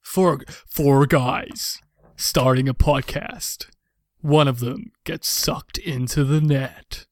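A man's voice: medium pitch, no room sound, clean studio sound. A man hosting a tabletop game podcast as game master, joking and laughing in loose casual chat. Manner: laughing, joking, rapid banter.

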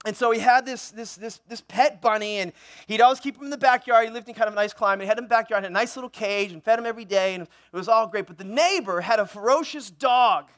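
High-voiced joking pastor. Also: male voice, fast. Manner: joking, animated, playful asides. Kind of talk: sermon with comic story. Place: church sanctuary.

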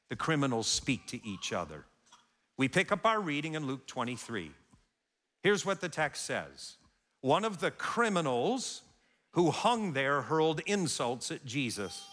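A man's voice: fairly high pitch, fairly bright tone. A man preaching a sermon as pastor, telling the story dramatically and acting out the scene. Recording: long hall reverb.

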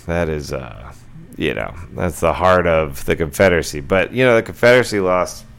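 A man's voice: sits low, expressive, normal speed, gravelly, a bit bright. A middle-aged man hosting a casual solo podcast, rambling along with lots of fillers and restarts. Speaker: podcast host.

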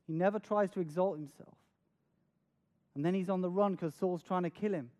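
Preacher, male, high voice, earnest sermon delivery with dramatic retellings and stuttered repeats. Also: normal speed, long pauses, darkish tone. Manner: earnest, repeats words when stressing a point; dramatic, acts out scenes with raised voice.

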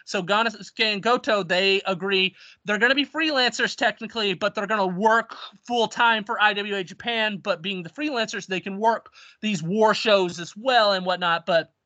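Man, high bright voice, dry close sound, rambling storyteller, casual podcast chat. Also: moderate pace, hardly any pauses, no room sound, highs cut off. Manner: rambling storyteller, many restarts and quoted asides. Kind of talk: casual wrestling history chat.

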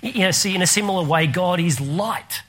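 Australian male pastor, sermon delivery, animated storyteller, bright and forceful tone. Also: high-pitched, a little fast. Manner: animated storyteller, laughs through anecdotes.

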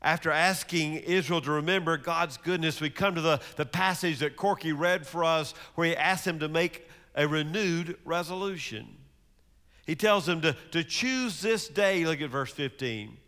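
Male pastor, slightly high voice, storytelling sermon that swings loud to hushed, reverberant church hall. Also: moderate pace, smooth.

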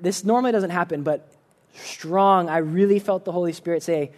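At a moderate pace, a man with a high, slightly mellow voice delivers an informal sermon in church. His earnest talk is sprinkled with "like" fillers and frequent restarts.

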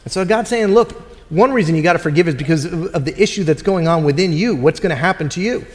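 A man's voice: fairly high pitch, quick pace, long reverb tail. A man preaching a sermon in a conversational way, acting out the voices of people in the story. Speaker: pastor.

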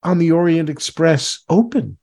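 A man hosting a casual interview, his voice sitting a touch high for a man. He talks in a rambling, self-interrupting way, with plenty of fillers and restarts. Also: lively intonation, a little slow, creaky, a little mellow. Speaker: radio interview host.

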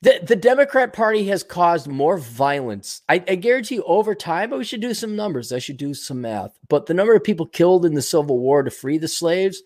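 A man's voice: on the high side, very animated, a little mellow. A man hosting a livestream, reading viewer donations and ranting bluntly with plenty of profanity, fillers and restarts. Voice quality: fast, loose delivery with many fillers and restarts. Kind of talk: casual livestream rant.

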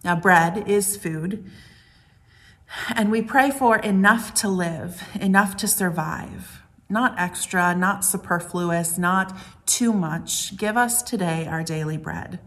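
A woman pastor giving a gentle, reflective sermon, asking the congregation many questions. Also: fairly low pitch, slow pace.

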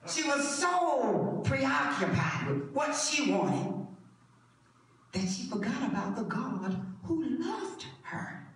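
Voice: medium pitch, sing-song, slow. A preacher delivering a sermon with emphatic repetition and call-and-response, heard in a church sanctuary. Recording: echoey hall, distant mic, faint noise.

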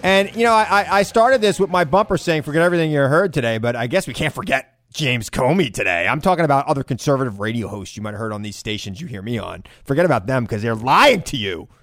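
A man hosting a political talk radio show, joking and stammering through quick restarts on a studio mic. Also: medium pitch, big pitch swings, fairly bright tone, no room sound, faint music behind.

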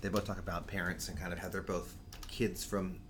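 A man's voice: low-pitched, little pitch movement, brisk. A man co-hosting a podcast in a loose, chatty way, laughing often. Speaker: podcast co-host. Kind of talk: casual chat.

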